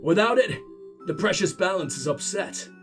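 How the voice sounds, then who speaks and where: A man's voice: sits high, expressive, moderate pace, music in the background. A man reading out a pompous city founder's record in a mock-formal tone, his put-on Irish accent slipping away. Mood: mock-solemn.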